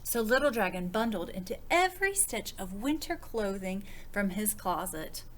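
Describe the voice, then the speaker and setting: A woman, a children's librarian, reading a picture book aloud with expressive, child-directed storytelling and questions to her young listeners. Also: mid-range voice, moderate pace, a little hiss or hum.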